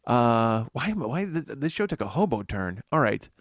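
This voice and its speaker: A man's voice: medium pitch, big pitch swings, moderate pace, dry recording. Rambling, profane male comic host. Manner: rambling, profane, self-mocking. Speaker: podcast host. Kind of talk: comedic monologue.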